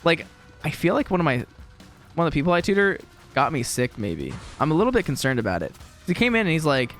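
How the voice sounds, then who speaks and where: A young man chats his way through a game from his room at home, rambling and poking fun at himself. His voice sits a little high and swings around lively. Faint music plays underneath. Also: fast. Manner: rambling, chatty, self-deprecating. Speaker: gaming commentator. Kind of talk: casual gameplay commentary.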